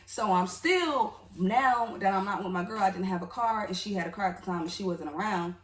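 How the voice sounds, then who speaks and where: A woman's voice: mid-range voice, a little fast, recorded from a distance. A woman telling a personal story in a casual, candid storytime vlog, talking straight to her viewers with emotion. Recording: echoey room, voice off-mic.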